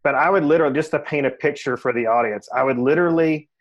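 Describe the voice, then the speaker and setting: A man's voice: a little high, fast, muffled recording. Candid man telling his story. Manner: candid and self-reflective, heavy "you know" fillers. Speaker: podcast guest, real estate agent. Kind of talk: casual interview storytelling.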